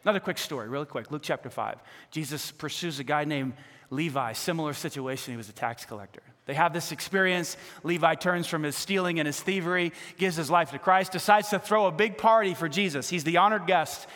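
A male pastor preaching a sermon with animated delivery, acting out the voices of people in the stories he tells. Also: fairly high pitch, fairly quick, in a large hall. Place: church sanctuary.

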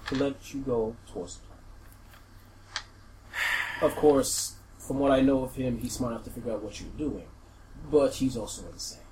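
Guy game master, chill, pauses a lot explaining stuff, slight noise in background. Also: medium pitch. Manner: relaxed, laughs often, halting explanations. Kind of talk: narrating a tabletop game.

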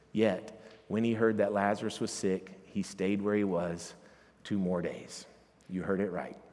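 Male pastor, low voice, conversational Bible teaching with emphatic peaks, reverberant church hall. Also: a little mellow. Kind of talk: sermon.

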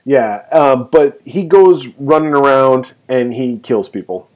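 A man co-hosting a film podcast remotely, retelling scenes with lively quoted voices and frequent laughter. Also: medium pitch, takes it slowly. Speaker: podcast co-host. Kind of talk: casual film review chat. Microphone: remote recording.

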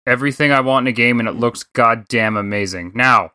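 Casual gaming-show host, male, Canadian accent, bright dry voice, rambling and swearing. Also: medium pitch, brisk, no echo. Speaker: podcast host.

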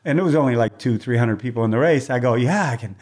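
Animated older man telling race stories. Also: mid-range voice, quick pace. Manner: animated storyteller, acts out voices, laughs often. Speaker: race announcer, guest. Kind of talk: casual storytelling interview. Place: moved from Hawaii, on the mic in Southern California for decades.

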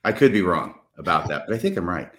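Joking guy co-hosting a live show, bouncy pitch, roomy echo. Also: big pitch swings, fast talker, a bit bright. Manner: playful, joking, effusive. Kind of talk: casual live show banter.

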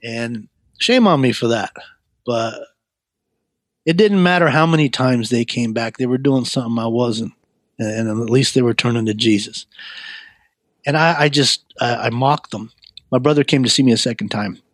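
A man's voice: medium pitch, moderate pace, pauses often, dry recording. A man earnestly telling his life story as an interview guest, often stumbling and repeating words. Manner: earnest, frequent stammered repeats. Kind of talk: personal testimony storytelling.

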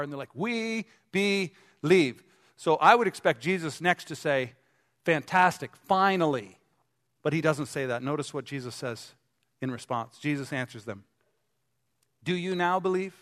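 Pastor preaching in a reverberant gym. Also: male voice, medium pitch, a bit bright. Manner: conversational, asks the congregation questions. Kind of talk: sermon. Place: gym used as a church hall. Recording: long hall reverb.

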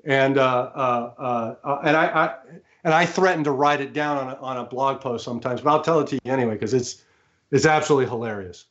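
A man's voice: medium pitch, brisk. A man guest, a former studio engineer, telling stories animatedly with laughter and frequent restarts. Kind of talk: anecdotal storytelling. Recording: slightly muffled remote audio.

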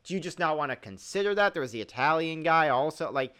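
A man's voice: fairly high pitch, animated, fast, heavy background noise. A man rambling casually about a TV series, leaning heavily on "like" and laughing at its plot holes.

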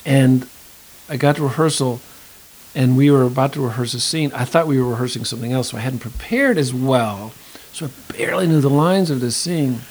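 A man's voice: mid-range voice, fairly quick, a little mellow, husky, poor audio. A middle-aged male actor and acting teacher in an interview, talking thoughtfully and rambling, with many restarts. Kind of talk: conversational interview. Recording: faint hiss.

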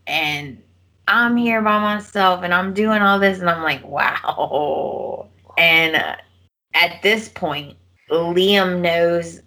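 Female podcast co-host, slow and bright, retells scenes with quoted lines. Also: lowish voice. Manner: animated retelling, acting out characters' lines. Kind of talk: casual soap opera recap chat.

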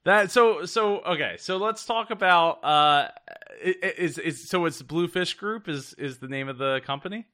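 A man's voice: fairly high pitch, moderate pace, bright, forceful tone, dry recording, clean studio sound. A man hosting an interview podcast, friendly but often stumbling and restarting his questions. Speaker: podcast host.

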